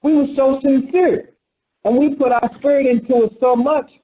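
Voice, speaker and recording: A man's voice: very high voice, steady tone, normal speed. A man preaching a conversational sermon, quizzing his listeners and acting out quotes. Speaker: preacher teaching a congregation. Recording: dull lo-fi recording.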